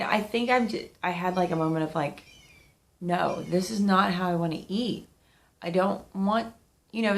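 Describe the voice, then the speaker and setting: A vlogger in her thirties, stuffed up and unwell, talks openly and meanderingly to her camera in a creaky voice that leans low.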